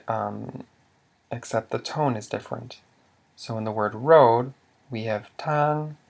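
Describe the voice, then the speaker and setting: A man's voice: mid-range voice, vocal fry. A man teaching a language lesson, patiently quizzing the listener and sounding out example words. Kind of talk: slow instructional explanation.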